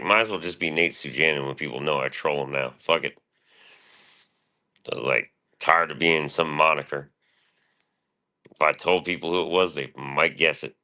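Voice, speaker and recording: A man with an extremely deep voice rambles through a casual stream monologue, bragging and swearing constantly. Even with all that depth, his tone carries a bright, forceful edge.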